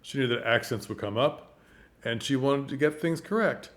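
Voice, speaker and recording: A man's voice: medium pitch, moderate pace, fairly bright tone. Chatty man talking theatre craft. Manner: chatty, laughs often, many fillers. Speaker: theatre coach. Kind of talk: casual talk to camera.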